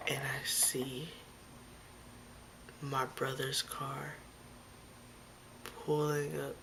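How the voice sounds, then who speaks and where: A young woman tells a childhood story to her camera in a chatty, scattered way, dropping "like" constantly and acting out what she said back then. Her voice sits low for a woman. There is a faint hiss of room noise behind her. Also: a bit bright. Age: young adult. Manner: chatty, fillers like "like", acts out her own lines. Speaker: vlogger. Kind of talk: storytime vlog. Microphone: phone or camera close by.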